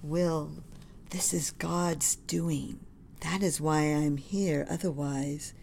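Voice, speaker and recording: A woman's voice: deep voice, fairly even intonation, slow pace, creaky, a little hiss or hum, exaggerated voice. A woman reading as a loving, spiritual young wife. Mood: earnest. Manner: soft, earnest.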